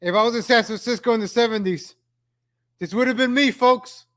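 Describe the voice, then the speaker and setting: A man's voice: very high voice, brisk, fairly bright tone. A man reacting to old street footage, ranting with exasperation and repeating his phrases over and over. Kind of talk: reaction commentary.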